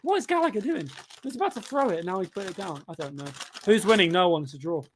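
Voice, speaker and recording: Young man, slightly higher voice, tired, chatty, sudden shouts at chances, live football watchalong. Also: fast talker, slight background noise. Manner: chatty, bursts of excitement at the game. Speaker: livestreamer reading chat during a match.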